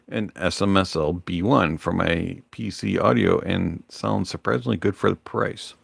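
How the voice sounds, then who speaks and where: A man hosting a livestream in a relaxed, rambling manner, pausing often on fillers. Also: sits low, gravelly, breathy edge, no echo. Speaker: livestream host. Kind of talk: casual livestream chat.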